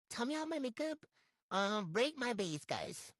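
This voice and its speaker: Young woman doing a grwm storytime, lively swoopy voice, blunt, swears a lot. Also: a little high, unhurried, no room sound. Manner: animated, blunt, swears freely, slangy. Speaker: storytime vlogger. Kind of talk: get-ready-with-me storytime.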